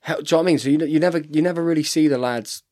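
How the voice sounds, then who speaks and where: A rugby player in his thirties chats casually as a podcast guest, telling stories and saying "mate" constantly. He talks rapid-fire in a mellow voice on the high side.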